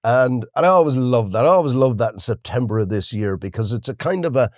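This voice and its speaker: A man's voice: medium pitch, fast, no room sound, studio quality. An Irish man, a podcast co-host, telling an anecdote in casual chat and acting out the quotes with laughter. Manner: animated storyteller, acts out quotes with laughs.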